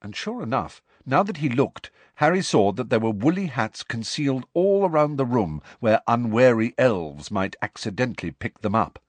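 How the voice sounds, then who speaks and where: A man reading a story aloud as narrator, in an animated storytelling manner. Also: mid-range voice, moderate pace, few pauses, slightly rough, dry recording. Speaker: audiobook reader. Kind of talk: scripted narration.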